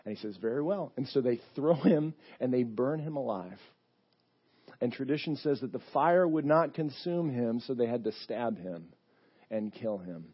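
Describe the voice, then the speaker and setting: A man's voice: medium pitch, animated, unhurried, breathy edge, lo-fi sound. A male pastor giving a sermon in a church, telling a story in a conversational way with many fillers.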